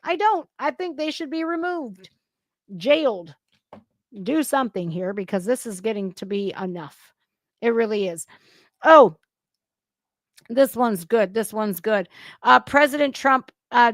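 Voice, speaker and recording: A woman's voice: a little high, animated, measured pace, no room sound, clean studio sound. Heated, blunt woman commentator. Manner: blunt, heated, swearing, with sudden outbursts. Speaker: political commentary host. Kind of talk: casual reaction commentary.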